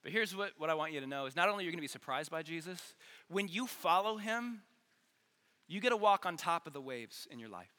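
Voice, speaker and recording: A man preaching an earnest, energetic youth sermon, repeating phrases for emphasis, in a large church hall. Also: a little high, fairly quick. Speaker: youth pastor. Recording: long hall reverb.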